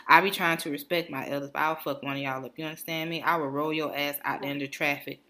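A woman's voice: low voice, fast, slight background noise. A woman telling a rambling, profane story on a casual chat show, acting out the people in it. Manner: animated, profane, mimics people in her stories. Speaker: podcast co-host.

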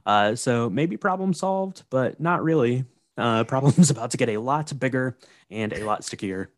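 A man casually recapping a movie on a podcast, relaxed and wry, with fillers. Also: medium pitch, normal speed, no room sound.

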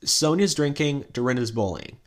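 Animated gossiping male podcast co-host. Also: medium pitch, moderate pace. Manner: animated storytelling, acts out quotes, many "like" fillers. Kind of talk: casual gossip chat.

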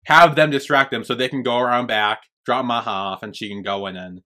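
A man's voice: mid-range voice, steady tone, fairly quick, sharp tone. A man co-hosting a podcast, retelling a TV episode in a casual chat with lots of "like" fillers and restarts. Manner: rambling, filler-heavy retelling. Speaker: podcast co-host.

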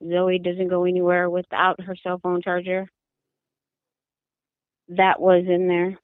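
Woman, grieving mother in an interview, halting and repetitive, lowish voice, dry tinny phone line. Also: completely flat delivery, dry recording. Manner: halting, repeats words, distressed. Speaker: mother of a missing daughter, interviewee. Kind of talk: emotional interview account.

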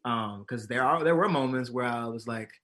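A man's mid-range voice moves at a normal speed as he's interviewed about being an actor and comedian. He tells casual stories in an animated way, acting out what people said and laughing a lot.

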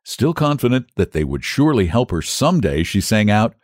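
A man narrating a children's storybook with a lively, sing-song delivery. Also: fairly low pitch, moderate pace, dry recording, studio quality. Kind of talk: storybook reading.

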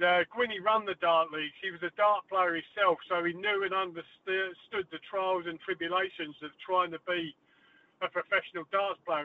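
Brief: man, former darts player, phone-in guest, rambling anecdotes, high voice, phone-line sound. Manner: chatty storyteller, many fillers and restarts. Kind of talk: phone-in radio interview. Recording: tinny phone line, dry.

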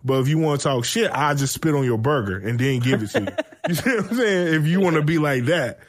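A man's voice: on the high side, fairly quick. Casual man telling football stories. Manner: animated storytelling, swearing, laughs often. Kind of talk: casual sports chat.

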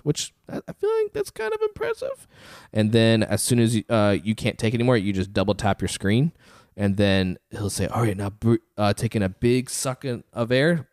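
A man's voice: lowish voice, darkish tone, no echo, studio quality. A man co-hosting a podcast, telling a story in casual chat with lots of fillers. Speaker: podcast co-host.

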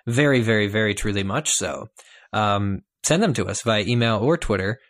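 A man's voice: fairly low pitch, lively intonation, normal speed, fairly bright tone. Chatty man reading tweets on a podcast. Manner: chatty, reads tweets out with energy. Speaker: podcast co-host. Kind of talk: casual chat, reading listener tweets.

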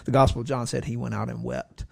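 Gravelly-voiced man telling a story. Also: medium pitch, quick pace, no echo, studio quality. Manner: animated storyteller acting out quoted voices. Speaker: pastor. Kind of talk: storytelling in casual chat.

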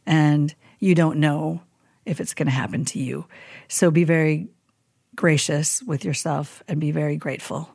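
Low, gravelly-voiced woman chaplain. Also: normal speed, dry recording, studio quality. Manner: animated storyteller who acts out quoted people. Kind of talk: casual podcast interview.

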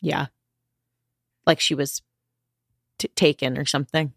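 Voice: medium pitch, fairly even intonation, unhurried, vocal fry, fairly bright tone, no room sound. A podcast co-host with a mid-range voice reacts to a grim story, rambling through thoughts with "um" and "like". The sound is close and dry. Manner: rambling, filler-heavy reactions. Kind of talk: casual conversation reacting to a story.

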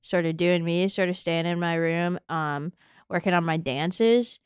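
A woman's voice: on the low side, fairly even intonation, clear, resonant tone, dry recording, studio quality, natural voice. A woman playing a sassy, picky teen girl. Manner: blunt, mocking, drawn-out disgust. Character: sassy, picky teenage girl who acts tough.

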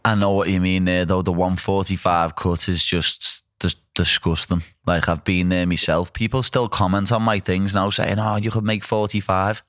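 Deep-voiced man. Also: steady tone, normal speed, hardly any pauses, a bit bright, no echo, studio quality. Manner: rambling, blunt, laughing. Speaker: pro fighter. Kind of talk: casual chat.

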